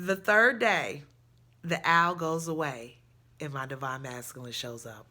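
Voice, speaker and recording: A woman telling a personal story in a chatty, animated way, jumping high with excitement in places. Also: slow pace.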